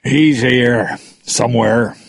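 A man reading aloud, voicing a sly, gruff male pirate rival. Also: mid-range voice, slow, no room sound, voice pushed up.

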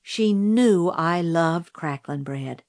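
A woman reading a novel aloud in measured storytelling narration, lightly voicing the characters. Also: fairly low pitch, animated, a little mellow, no room sound, studio quality. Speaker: audiobook narrator.

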